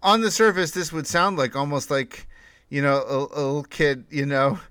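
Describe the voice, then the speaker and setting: A man's voice: fairly high pitch, steady tone, moderate pace, fairly bright tone, clean tone, no echo. A man in casual podcast talk, thinking aloud with many restarts and short laughs. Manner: rambling, many restarts, laughs while talking.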